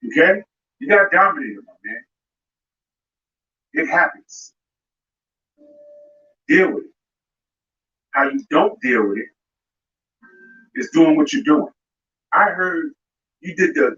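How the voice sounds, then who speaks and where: With an expressive, somewhat high voice that sounds pushed and bright, a man hosting live boxing delivers a confrontational rant aimed right at a fighter. He keeps a measured pace with long pauses, and the sound is distant, roomy, and dull with music underneath.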